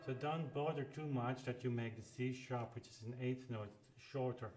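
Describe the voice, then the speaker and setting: Calm man teaching fingering at a keyboard. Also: medium pitch, normal speed, faint music behind. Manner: calm, explains fingering step by step while playing. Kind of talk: live practice lesson, thinking aloud. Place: room with a clavichord. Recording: roomy sound with clavichord playing.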